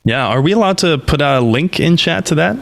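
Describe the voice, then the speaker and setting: A man co-hosting a casual podcast, relaxed and joking in easy banter. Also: on the high side, a little fast, gravelly. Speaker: podcast co-host.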